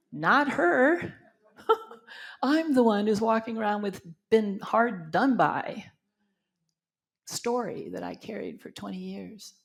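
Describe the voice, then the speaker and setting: She has a fairly high, gravelly voice: an older woman minister from Canada whose spiritual talk mixes personal stories, acted-out quotes of other people's voices, and finally a guided meditation.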